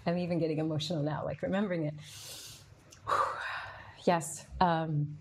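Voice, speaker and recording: A woman's voice: sits low, steady tone, moderate pace, darkish tone, slight background noise. A middle-aged woman hosting a podcast, telling a personal story in a candid, emotional way, with frequent fillers and to a live audience. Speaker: podcast host.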